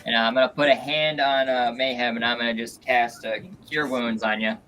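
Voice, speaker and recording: A man's voice: mid-range voice, flat delivery, a little fast, bright, forceful tone, a little hiss or hum. A man chatting casually as a player in a tabletop game. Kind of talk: casual tabletop gameplay chat.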